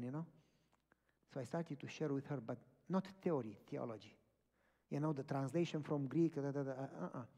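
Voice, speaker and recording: A man's voice: fairly high pitch, creaky. A man preaching, telling a personal story and acting out the dialogue. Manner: animated, acts out dialogue in stories. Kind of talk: storytelling sermon. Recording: echoey hall from far off.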